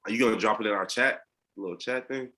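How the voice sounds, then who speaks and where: A man's voice: lowish voice, fast, bright, forceful tone. A man on a video call with his coaches, talking casually in a slangy, laid-back way with lots of fillers and restarts. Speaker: coaching client.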